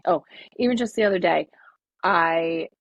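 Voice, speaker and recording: Low-voiced woman chatting casually. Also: unhurried, dry recording, low-quality recording. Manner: relaxed, rambling with many fillers. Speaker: podcast co-host. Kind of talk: casual podcast chat.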